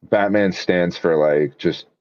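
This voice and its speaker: A man's voice: low voice, takes it slowly, a little mellow. A man co-hosting a casual podcast chat, rambling enthusiastically with lots of fillers. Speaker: podcast co-host. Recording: dull lo-fi dry sound.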